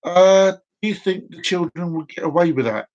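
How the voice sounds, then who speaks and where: A man with a fairly high voice, rambling through a casual, teasing monologue for his channel. He talks in bursts and often restarts his sentences. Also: expressive, moderate pace, darkish tone, highs cut off. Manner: teasing, chatty, many restarts. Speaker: vlogger.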